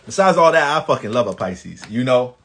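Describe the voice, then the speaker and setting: Profane, animated New York astrologer. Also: male voice, mid-range voice, a little fast. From the Bronx, New York. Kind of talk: casual astrology vlog.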